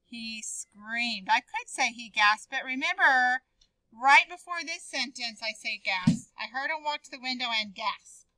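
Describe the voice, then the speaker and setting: High bright classroom teacher, a woman. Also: lively intonation, measured pace, dry recording, rough recording. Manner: encouraging, calls on students by name. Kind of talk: classroom writing lesson.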